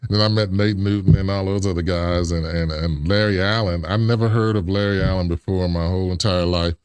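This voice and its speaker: Low-voiced man telling lively stories. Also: a little fast, clear, resonant tone, no echo. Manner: animated, acts out remembered dialogue with big pitch jumps, chuckles. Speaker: interview guest, former pro football lineman. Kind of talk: casual storytelling interview.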